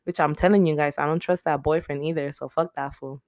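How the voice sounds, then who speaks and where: A podcast host rattles through a casual movie recap in a smooth, clear voice, full of swearing and filler words. The sound is dry and close, with no room echo. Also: medium pitch, fairly even intonation, a little fast, darkish tone.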